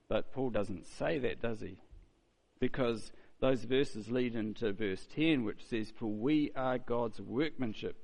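A man's voice: medium pitch, slow pace, creaky, darkish tone. Conversational preacher man. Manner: conversational, with rhetorical questions and mock quotes. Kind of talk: sermon.

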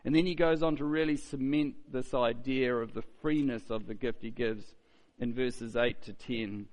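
A man preaches a sermon in a conversational style, throwing out rhetorical questions and mocking quotes. His mid-range voice is slightly mellow, with fairly even intonation and a moderate pace.

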